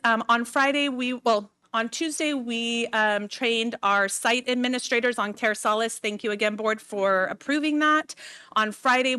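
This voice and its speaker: A woman's voice: a little high, smooth. Woman giving board meeting announcements. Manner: warm, slightly emotional, with many "um"s. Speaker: school district administrator.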